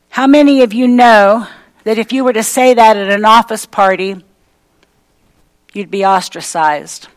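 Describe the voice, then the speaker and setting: A woman's voice: mid-range voice, unhurried, pauses often, poor audio. A woman preaching a sermon, emphatic and repetitive, with folksy everyday asides.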